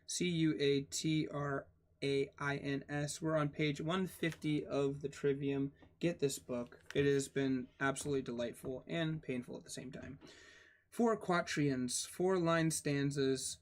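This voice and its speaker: A young man reading a textbook aloud with casual asides, pausing to spell out words letter by letter and getting excited over odd spellings. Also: a little high, a little hiss or hum. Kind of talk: casual read-aloud with commentary.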